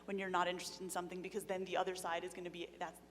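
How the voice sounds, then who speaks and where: A woman's voice: on the low side, little pitch movement, racing, a bit bright. Audience woman with a long earnest question, reverberant hall, faint hum behind. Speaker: audience member asking a question. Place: lecture hall.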